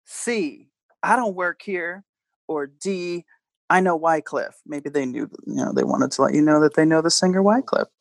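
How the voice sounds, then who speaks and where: A man hosts a casual podcast, his voice sitting a little high. He quizzes his guest in a playful, joking way. The sound is close and dry, with no room around it. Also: normal speed, gravelly, no room sound. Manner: playful, quizzing a guest with multiple-choice options. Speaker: podcast host. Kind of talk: casual chat.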